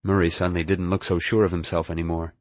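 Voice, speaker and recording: A man's voice: sits low, level tone, fast, a little mellow, no room sound. A man narrating an audiobook in the first person, telling the story expressively.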